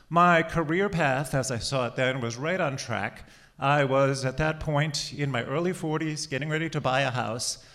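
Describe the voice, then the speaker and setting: A man's voice: mid-range voice, fairly bright tone. A man in his forties, slightly out of breath, telling his life story in a conversational way. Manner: conversational storytelling with laughs and pauses. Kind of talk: personal life story told to an audience.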